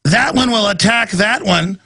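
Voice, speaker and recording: A man's voice: a little slow, bright, forceful tone, husky, no echo, clean studio sound, heavily acted. A man mocking a nagging busybody woman. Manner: lecturing, mocking falsetto.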